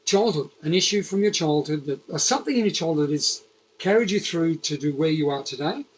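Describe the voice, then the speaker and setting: A man with a Liverpool accent hosts a relaxed chat, his voice a touch high and husky. He rambles along with plenty of fillers and restarts, keeping things loose. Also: brisk, rough recording. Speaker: podcast host. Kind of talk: casual interview chat.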